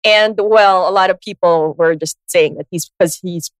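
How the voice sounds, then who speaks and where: A woman co-hosting a casual podcast chat, giggly and quick to laugh, speaking into a studio mic. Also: on the low side, dry recording. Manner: giggly, lively, laughs often. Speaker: podcast co-host.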